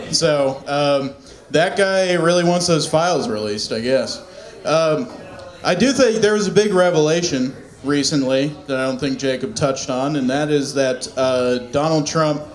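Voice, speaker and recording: A male stand-up comedian at an open mic, dry and offhand, with hesitant fillers. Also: fairly high pitch. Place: small comedy venue, echoey room. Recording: echoey room.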